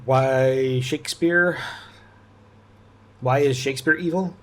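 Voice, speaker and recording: A man thinking aloud as he works through a puzzle, musing and halting, often restarting his sentences and laughing softly. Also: medium pitch. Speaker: puzzle-solving video host.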